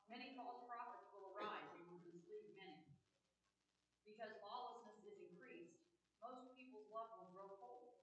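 A woman in a class reading a long passage aloud in a steady, careful way. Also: mid-range voice. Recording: echoey room, far from mic.

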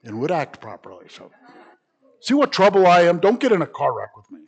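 A man's voice: high voice, very animated, a little fast, vocal fry, a little mellow, slightly rough, muffled recording. A man teaching an informal Bible class, chatty and self-mocking, who laughs at his own jokes and reads scripture aloud.

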